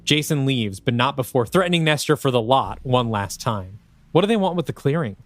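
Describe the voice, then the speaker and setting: A man co-hosting a podcast, narrating a story pitch in an animated, thinking-aloud way. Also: a little fast, no echo, faint music behind. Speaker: podcast co-host.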